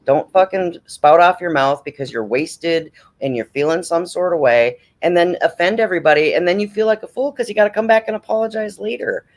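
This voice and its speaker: Hosting a late-night livestream, a man with a slightly high voice talks loosely and casually. He is blunt and preachy and swears freely, speaking a little fast with few pauses.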